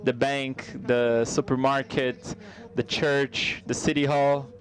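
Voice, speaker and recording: A man's voice: mid-range voice, little pitch movement. Man interpreting a comedy set live. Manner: conversational, halting delivery with frequent restarts.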